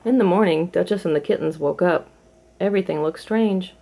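A woman reading a children's storybook aloud in a clear, measured storytelling manner. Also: on the low side, dark tone. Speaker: storybook reader. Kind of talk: storybook read-aloud for kids.

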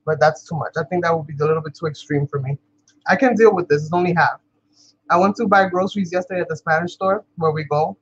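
A woman's voice: low voice, fast talker, husky, highs cut off. Chatty New woman crafting vlogger. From New York. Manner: chatty, laughs often, talks to viewers as "you guys". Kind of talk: casual chat while crafting.

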